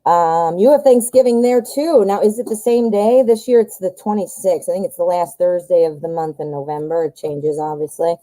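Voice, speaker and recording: A woman's voice: fairly low pitch, moderate pace, few pauses, mellow, poor audio. Chatty woman reading tarot live. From United States. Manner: chatty, rambling, addresses viewers as hun and honey. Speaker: tarot reader. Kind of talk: live-stream tarot reading, casual chat.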